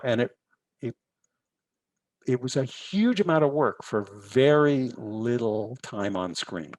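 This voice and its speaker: A man's voice: medium pitch, darkish tone, no room sound, rough recording. A man, a visual effects supervisor, telling stories from film work in a webinar and acting out the exchanges he quotes. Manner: storytelling, acts out quoted exchanges. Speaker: VFX supervisor giving a webinar. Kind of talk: anecdotal lecture. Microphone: video call.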